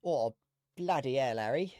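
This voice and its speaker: A man's voice: medium pitch, animated, measured pace, dark tone, a little hiss or hum. A British man chatting casually on a gaming livestream, swearing freely and laughing often. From Britain. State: sweaty while gaming. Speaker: streamer.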